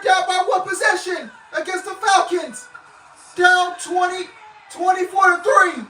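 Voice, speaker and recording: A hoarse man with a strained, fading voice reacts live, shouting the action in slow, bright, forceful bursts. He sits back from the mic in a roomy space with faint music behind. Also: very high voice, fairly even intonation, recorded from a distance. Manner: shouts play-by-play, exclamations. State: hoarse, voice going out.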